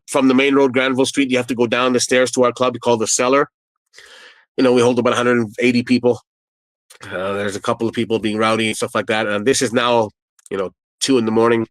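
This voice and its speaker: A man's voice: fairly low pitch, dry recording, poor audio. Man telling a nightclub bouncer story. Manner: animated retelling with quoted dialogue and repeated phrases. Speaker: former nightclub doorman. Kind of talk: casual spoken storytelling.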